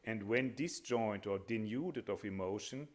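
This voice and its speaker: A man speaking on a panel gives an academic lecture in a lowish voice. His delivery is measured and hesitant, with frequent pauses and fillers.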